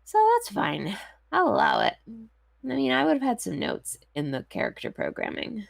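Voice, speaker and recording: A woman's voice: fairly high pitch, very animated, normal speed, creaky. A woman casually chatting and joking while playing a video game, giggly and playful. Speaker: game streamer. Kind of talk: casual chat over gameplay.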